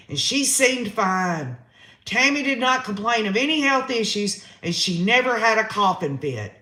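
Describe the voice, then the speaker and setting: A man's voice: high voice, sharp tone, reverberant. A man hosting a live-stream trial recap, reading chat comments aloud and reacting with emotion. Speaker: host.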